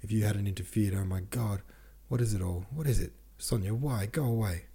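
Despairing bitter young woman read by a man, low husky voice, dark audiobook tone. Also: a little fast.

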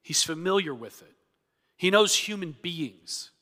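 A man's voice: sits high, animated, a little slow, bright, forceful tone. A man preaching an expository sermon, earnest and emphatic, acting out the objections he quotes. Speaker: pastor. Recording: long reverb of a church hall.

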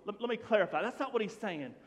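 A man preaching a sermon to his congregation in an animated, conversational way, often dropping to a hush. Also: sits high, fast talker. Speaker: pastor. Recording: long hall reverb.

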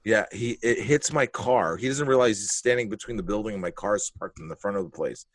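Speaking briskly in a lowish voice with no echo, a man tells a profane, animated story in casual conversation, acting out what the other people said.

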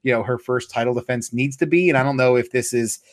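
A man's voice: medium pitch, fast talker, no echo, clean studio sound. A man co-hosting a casual wrestling podcast, talking bluntly and swearing freely between laughs. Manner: blunt, profane, laughing banter. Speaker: podcast co-host.

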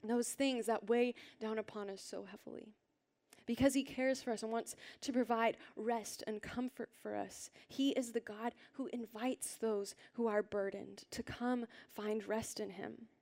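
A woman preaches to a congregation in a slightly high voice. She is earnest and gentle, and she often lets her words sink into a soft, breathy near-whisper. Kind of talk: sermon. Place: church hall with a congregation.

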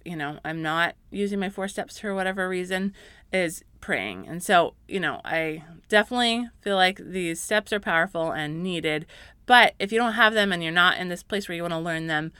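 Bright earnest lady talking parenting and faith on her podcast, dry close sound, gets fired up. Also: fairly low pitch, moderate pace, clear, resonant tone, no room sound. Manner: earnest, encouraging, rising to fervent emphasis. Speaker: podcast host.

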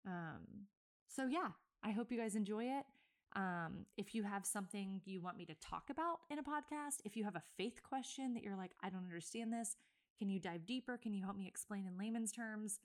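A woman in her thirties hosts a casual solo podcast, rambling and correcting herself as she goes. She sounds a bit winded, and her pitch sits in a middle range. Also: moderate pace. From Virginia, USA. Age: 30s. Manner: chatty and rambling, many fillers and self-corrections. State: a bit out of breath. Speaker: podcast host.

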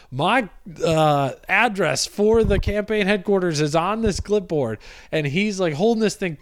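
A man's voice: fairly high pitch, dry recording, clean studio sound. A young man in his twenties hosting a podcast, telling a long rambling anecdote with many fillers. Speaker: podcast host and comedian. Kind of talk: casual storytelling monologue.

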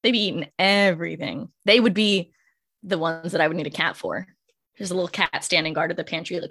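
A woman in her forties co-hosting a podcast, chatting casually in an animated way, laughing often and swearing freely. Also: on the low side, brisk. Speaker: podcast co-host. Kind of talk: casual chat.

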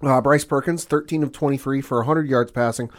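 A man's voice: medium pitch, steady tone, brisk. A man co-hosting a sports podcast, dry and matter-of-fact, running through game stats with frequent fillers. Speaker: podcast co-host.

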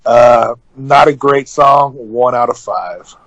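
A man's voice: mid-range voice, takes it slowly, a bit bright, no echo, dull audio. A man co-hosting an album review podcast, giving short, dismissive verdicts. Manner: curt, dismissive, dry. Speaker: podcast co-host. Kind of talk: casual album review chat.

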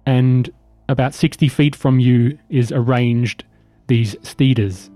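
A man running a tabletop game as game master, describing scenes in measured, detailed narration. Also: mid-range voice, steady tone, dark tone, no echo, clean studio sound, faint music behind.

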